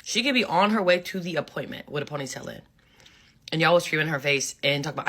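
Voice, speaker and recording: A woman delivers a casual commentary rant with a blunt, emphatic edge. Her voice sits a little low yet rings bright and forceful, and she drives her points home by saying them again and again. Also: animated, brisk. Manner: blunt, emphatic, repeats phrases for effect. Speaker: social media commentator.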